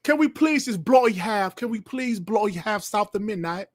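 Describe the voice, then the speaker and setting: A man's voice: high-pitched, lively intonation, moderate pace, dry recording, studio quality, voice pushed up. A man putting on a mock British accent to play a male fan who begs in a whiny, pleading voice. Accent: put-on British. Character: mocking fake-British male fan begging.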